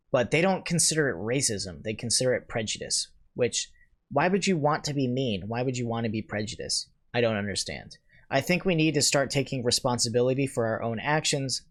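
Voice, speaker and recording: A man hosting a casual reaction video, reacting with dry, sarcastic asides and sometimes trailing off or restarting when unsure. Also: mid-range voice.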